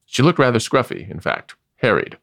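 A man reading a story aloud, measured and wry, with expressive delivery. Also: medium pitch, vocal fry, no echo, studio quality. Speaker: narrator.

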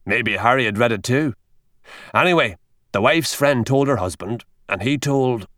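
A man's voice: mid-range voice, normal speed, a bit bright, no echo, clean studio sound, natural voice. A man doing a growling burly country doctor. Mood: gruff. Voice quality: growling, blustering. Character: gruff burly older Irish country doctor.

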